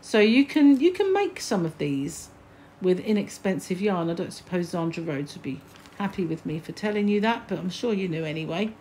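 A woman's voice: on the low side, sing-song, a little fast, mellow, a little hiss or hum. An older British woman hosting a crochet channel, chatting casually as she reads magazine snippets aloud and adds musing asides. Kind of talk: casual magazine flick-through chat.

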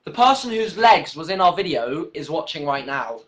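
A man's voice: a little high, moderate pace, a little hiss or hum. A young man, joking around as the vlogger in a casual chat. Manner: animated, joking, jumps between topics.

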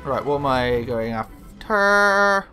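A man casually commentating on his own gameplay, sweary and excitable, talking back to the characters on screen. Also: medium pitch, slow, soft background music. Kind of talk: casual let's-play commentary.

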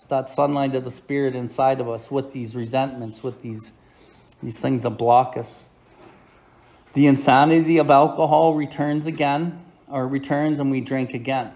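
In a mid-range voice with a darkish tone, a middle-aged Canadian man hosts a recovery podcast as a sponsor. He swings between blunt, profane casual talk, heavy on "right?" asides, and reading aloud from the Big Book.

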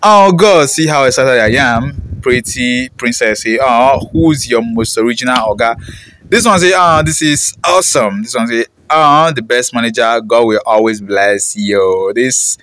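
A young man, a reaction channel host who chats casually, gets excited, laughs often and slips into pidgin while reading out viewer comments. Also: medium pitch, a little hiss or hum.

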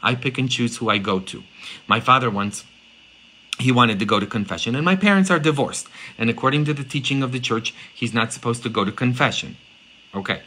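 A middle-aged man, a priest, preaching a sermon with animated storytelling and frequent rhetorical "huh?" questions. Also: medium pitch, fairly quick, a little hiss or hum, low-quality recording.

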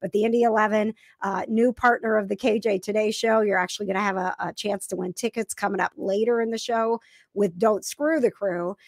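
Chatty woman host, gravelly voice. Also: mid-range voice, fairly even intonation, a little fast, no room sound, clean studio sound. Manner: chatty, thankful, many fillers. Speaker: talk show host. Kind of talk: casual chat.

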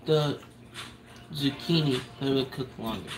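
A man, the show's producer, tasting a dish and giving an earnest, halting review in casual chat. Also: medium pitch, poor audio. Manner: earnest, searching for words in his food review.

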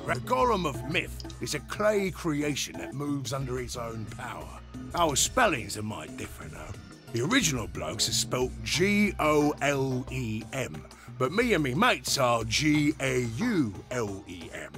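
A man's voice: mid-range voice, big pitch swings, measured pace. A man voicing a chatty male robot labourer with a broad, slangy Cockney accent. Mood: chummy. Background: game music.

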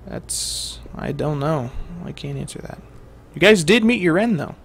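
A man's voice: on the high side, animated, measured pace, creaky, a bit bright, a little hiss or hum. A young man giving rambling, jokey let's-play commentary to his viewers as a gaming host.

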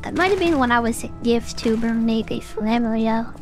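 A woman's voice: a little high, lively intonation, moderate pace, darkish tone, faint music behind. A young woman streaming a video game, chatting casually and rambling with many fillers. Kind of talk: casual gaming stream chat.

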